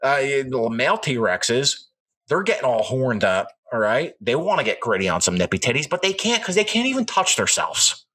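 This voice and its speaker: A man's voice: mid-range voice, very animated, normal speed, pushed and bright. A man co-hosting a podcast, ranting in crude, rambling jokes full of profanity. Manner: profane, rambling, jokey rants. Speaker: podcast co-host. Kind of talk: crude comedic podcast banter.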